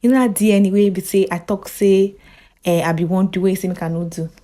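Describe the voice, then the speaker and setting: A Nigerian woman voicing an anxious male taxi driver who talks softly and complains. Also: medium pitch, steady tone, a little fast, natural voice. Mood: grumbling.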